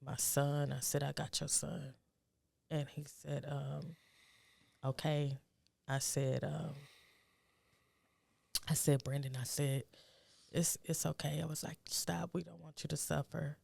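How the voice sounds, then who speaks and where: A middle-aged woman with a low, gravelly, rough-edged voice tells a personal story as a guest, speaking softly, haltingly and reflectively with flat delivery. When she gives advice, she turns urgent. The recording is dry and close, with no room sound.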